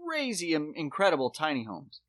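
A man's voice: on the high side, huge pitch swings, a little fast, fairly bright tone, no echo. A man hosting a podcast in casual chat, telling rambling, profane stories with lots of fillers. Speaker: podcast host.

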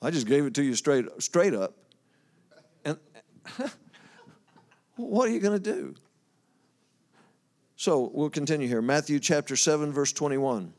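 A man delivers a sermon in a relaxed, conversational way, his voice sitting a little high for a man. He reads scripture aloud, stops to explain it, and chats with his listeners. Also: a little slow, long pauses. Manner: folksy, talks to the congregation, loses his place and laughs. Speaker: preacher.

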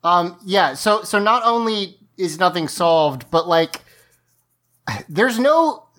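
A woman's voice: fairly low pitch, expressive, takes it slowly, fairly bright tone. A woman co-hosting a podcast, casually recapping an episode, chatty and often laughing. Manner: chatty, laughs often, restarts lines while explaining. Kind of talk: casual chat.

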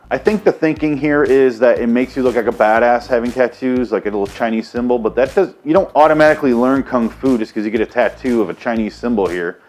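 Man from Michigan for a comedy rant host: mid-pitched, swearing, sarcastic, rambling, faint music behind. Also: darkish tone. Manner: profane, sarcastic, rambling with restarts.

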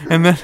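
In a casual podcast chat with no echo, a young man hosting the show meanders through a dating story. He performs the quoted back-and-forth and leans heavily on fillers.

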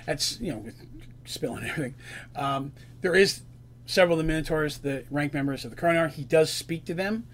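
A man's voice: on the high side, brisk. A man narrating a tabletop game as game master, in a loose, conversational retelling.

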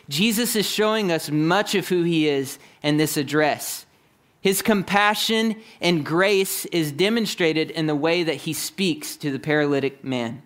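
A man's voice: a little high, fairly bright tone. A man preaching a sermon, explaining scripture earnestly and speaking directly to his congregation. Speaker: pastor.

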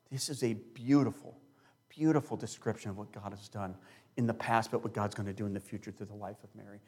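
A man's voice: fairly even intonation, breathy edge. Man preaching with dramatic emphasis. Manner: emphatic preaching with big swings in loudness and pitch; slows and stretches key words for emphasis. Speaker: pastor. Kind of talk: sermon.

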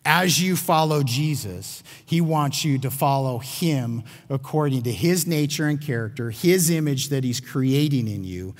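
Male pastor, mid-pitched, earnest sermon delivery, long hall reverb. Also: expressive, unhurried, few pauses. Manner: earnest, emphatic, with repeated restarts. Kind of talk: sermon teaching.

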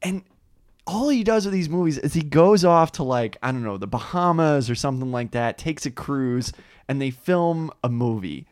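A man co-hosting a casual chat, telling stories in an animated, ranting way. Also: fairly high pitch, normal speed, clean tone, no echo, studio quality.

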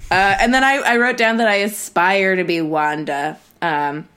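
A young woman recapping a show on a podcast, talking in a loose, rambling way. She stops and restarts her sentences often and fills the gaps with ums. Her pitch is in the middle. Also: normal speed, fairly bright tone, smooth. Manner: chatty and rambling, with many fillers and restarts. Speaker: podcast co-host. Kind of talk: casual chat.

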